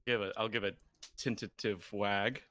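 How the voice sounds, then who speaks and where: Goofy bright-voiced male player. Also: on the low side, steady tone, normal speed, no echo. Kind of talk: in-character tabletop banter.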